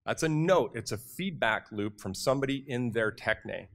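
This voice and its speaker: A man from Canada speaks to a conference audience with energy and directness. His voice sits at a middle pitch, and he often turns to the crowd with quick questions. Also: animated, a bit bright. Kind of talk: motivational conference talk. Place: conference hall.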